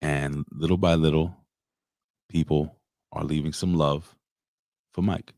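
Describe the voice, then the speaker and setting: A man co-hosting a casual livestream, talking in an emotional, rambling, halting way. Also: extremely low pitch, steady tone, a little mellow, dry recording, clean studio sound. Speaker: co-host.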